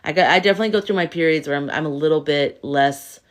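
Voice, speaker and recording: A woman with a fairly low voice hosts a casual live stream as a tarot reader. She talks in an animated way and keeps asking her viewers rhetorical questions. Between points she reads and answers their comments. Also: quick pace. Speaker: tarot reader and livestream host.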